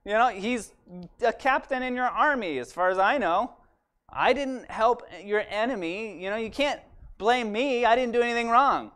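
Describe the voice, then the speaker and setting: A man's voice: very high-pitched, moderate pace, a bit bright, clear, resonant tone, voice pushed up. A man voicing a frightened male priest who protests that he did nothing wrong. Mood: panicked, protesting. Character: panicked male priest pleading innocence.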